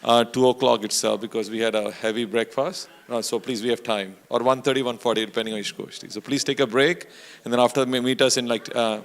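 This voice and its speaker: A man running a temple event makes announcements to the room at a quick clip. He talks loosely, with plenty of fillers, at a middle pitch. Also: steady tone. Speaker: event organizer. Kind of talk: announcements to a gathering. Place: temple hall.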